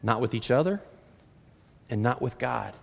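A man preaching a sermon as pastor, reading scripture aloud and swinging from loud emphasis to hushed lines. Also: medium pitch, moderate pace, gravelly. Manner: animated preaching, reads scripture aloud, rises and drops dramatically. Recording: long hall reverb.

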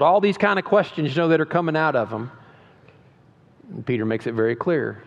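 A man's voice: on the high side, animated, a little fast, creaky, pauses often. A man preaching a sermon as pastor, in a conversational style with emphatic rises and frequent restarts. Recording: dull lo-fi sound with long hall reverb.

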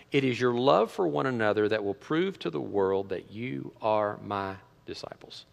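A middle-aged man pastor preaching a sermon in a church, animated, full of rhetorical questions and restarts. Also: medium pitch, vocal fry, big-room sound. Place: church sanctuary.

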